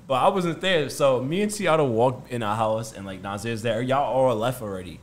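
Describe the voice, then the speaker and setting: A man's voice: mid-range voice, moderate pace. A man co-hosting a podcast, telling stories in a jokey casual chat with playful teasing. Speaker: podcast co-host.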